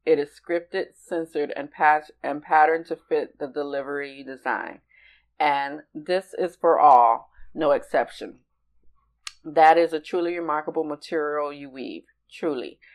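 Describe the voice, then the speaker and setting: An older woman co-hosting a talk show, reading a personal letter aloud in a measured, deliberate way. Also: low voice, poor audio. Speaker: podcast co-host.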